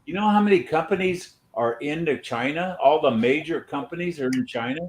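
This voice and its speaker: A man's voice: fairly high pitch, lively intonation, a little fast. Opinionated man rambling with gum in mouth. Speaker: podcast host. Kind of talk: casual banter.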